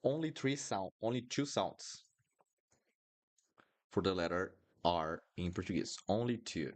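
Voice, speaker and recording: Slow, deep-voiced man teaching. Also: animated. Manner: slow, repeats words many times for students to copy. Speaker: Portuguese teacher. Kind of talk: live online language lesson.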